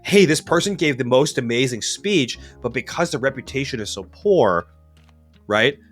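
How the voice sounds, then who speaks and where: A man's voice: mid-range voice, normal speed, soft background music. Man giving chatty game-running advice. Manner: animated, often tags sentences with 'right?'. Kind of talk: casual chat.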